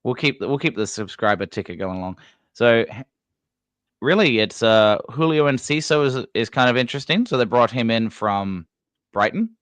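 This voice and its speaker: A man's voice: mid-range voice, expressive, normal speed, fairly bright tone, no room sound. A man co-hosting a casual live-stream football chat, easygoing, chuckling often, trailing off and correcting himself mid-sentence. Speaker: fan channel co-host.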